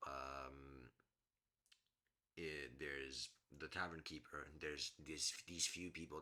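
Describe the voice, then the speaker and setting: A man narrating a tabletop game as game master, relaxed and hesitant with many restarts. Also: extremely low pitch.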